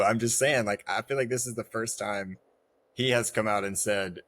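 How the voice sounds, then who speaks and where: A man's voice: on the low side, steady tone, normal speed, fairly bright tone. A man co-hosting a racing podcast, chatty and telling stories in casual chat. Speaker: podcast co-host.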